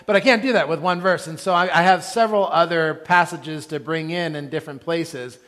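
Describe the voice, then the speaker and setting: In a church sanctuary, a male pastor preaches in a slightly high, somewhat bright voice at a little fast pace. He speaks earnestly and conversationally, tossing casual asides to the congregation, and the sound has a long reverb tail.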